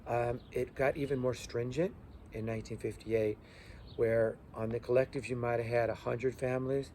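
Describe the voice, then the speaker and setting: A man's voice: mid-range voice, level tone, warm tone, a little hiss or hum. A male teacher giving a loose review lecture full of fillers, stopping to spell out terms letter by letter. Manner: loose, halting delivery with many fillers.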